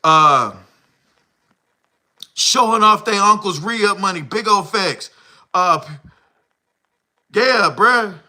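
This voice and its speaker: A middle-aged man chats loosely through his live stream, slangy and rambling as he answers comments. He sounds short of breath, with a bright, forceful voice sitting a bit high. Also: lively intonation, slow, long pauses. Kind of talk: casual live stream chat reading comments.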